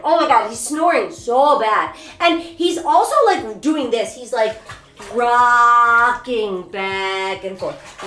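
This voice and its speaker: A woman streamer telling a story to her chat in a casual, animated, rambling and self-mocking way. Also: sits high, reverberant. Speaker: VTuber streamer. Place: bathroom during a bath.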